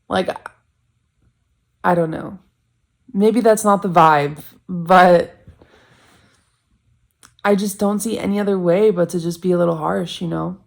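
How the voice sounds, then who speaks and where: A woman's voice: on the low side, fairly even intonation, a little slow, gravelly, pauses often. A woman in her twenties talking candidly to camera in a casual vlog, blunt and self-critical, rambling with lots of "like". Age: 20s. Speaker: vlogger.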